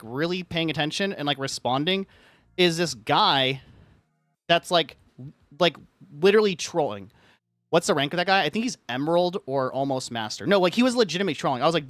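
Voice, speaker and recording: A man's voice: fairly high pitch, a bit bright, dry recording. A young man streaming, ranting casually to his chat in a rambling way, filling his talk with "like". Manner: rambling, heavy use of "like", acts out quoted lines.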